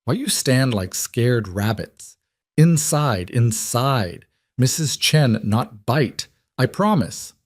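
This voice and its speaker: A man voicing a brisk, motherly Chinese cook in her fifties who scolds in clipped broken English. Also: mid-range voice, animated, no room sound, studio quality, voice pushed up. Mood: bossy warm. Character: bustling motherly older Chinese cook woman.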